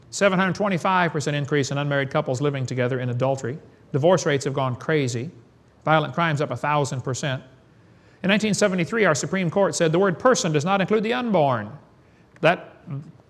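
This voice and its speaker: A man giving a preaching lecture to an audience in a folksy, emphatic way, firing off rhetorical questions and chuckling. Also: fairly high pitch. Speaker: creationist seminar speaker.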